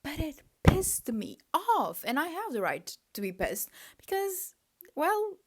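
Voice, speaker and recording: A woman's voice: sits high, slow. Young woman fan rambling on her vlog, annoyed, says like a lot. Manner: animated, exasperated fan ranting with lots of "like". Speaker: vlogger. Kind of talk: casual chat.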